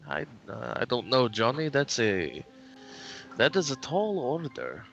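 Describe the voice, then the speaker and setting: A man voicing a showy male storyteller, halting with fillers before grand flattery, in tabletop role-play. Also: mid-range voice, creaky, muffled recording, soft background music, exaggerated voice. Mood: hesitant. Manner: hesitant, halting with ums, then grandiose. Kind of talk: in-character tabletop dialogue.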